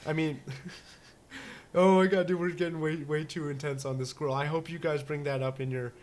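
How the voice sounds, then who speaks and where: A man's voice: a little high, steady tone, moderate pace. Rambling, joking man on a casual talk show. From United States. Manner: rambling, joking, many restarts and fillers. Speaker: podcast co-host. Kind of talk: casual chat.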